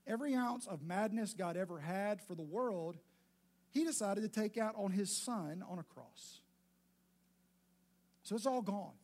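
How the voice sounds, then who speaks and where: High-voiced, emphatic man preaching. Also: animated, unhurried, long pauses, darkish tone. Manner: conversational, emphatic, repeats phrases for stress. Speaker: pastor. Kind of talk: sermon.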